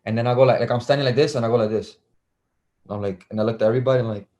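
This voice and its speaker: A man's voice: medium pitch, fairly even intonation, racing, mellow. A young man, a basketball player telling stories as an interview guest, acting out the voices he quotes and laughing often. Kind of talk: casual storytelling.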